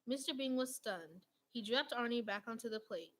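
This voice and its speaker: Woman narrator, children's picture book read-aloud, gentle and even, a little high-pitched. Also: normal speed, low-quality recording. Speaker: storybook reader.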